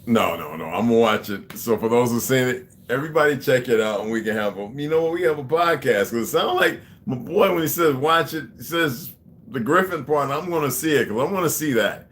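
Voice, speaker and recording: A man's voice: medium pitch, expressive, a little fast, fairly bright tone. A man talking casually to his viewers, rambling with many restarts and asides.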